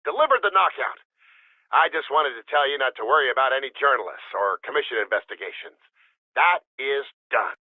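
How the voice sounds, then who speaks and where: An actor playing men leaving phone messages in a video game, heard through a telephone effect. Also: male voice, fairly high pitch, breathy edge, no echo. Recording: tinny phone line.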